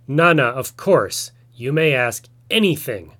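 A man voicing a proud, truthful male tiger who is quick to anger and demands things, in a told folk tale. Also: mid-range voice, animated, pushed and bright. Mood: firm. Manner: roaring, demanding.

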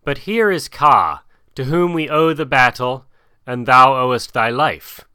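A man's voice: mid-range voice, expressive, unhurried, sharp tone, smooth, no echo, clean studio sound. A man reading aloud and voicing a proud, battle-worn male panther who speaks out of breath. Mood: stern. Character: proud black panther, male, battered and dry.

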